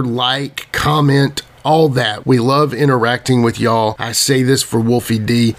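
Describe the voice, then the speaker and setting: A male podcast co-host wrapping up the show and asking listeners to subscribe and share. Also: medium pitch. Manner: upbeat, asks listeners to subscribe. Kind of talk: podcast sign-off.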